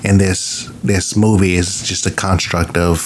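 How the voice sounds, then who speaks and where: A man co-hosting a podcast, talking about a movie in a laid-back, halting way and swearing freely. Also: low-pitched, little pitch movement, a little hiss or hum. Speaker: podcast co-host. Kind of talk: casual movie discussion.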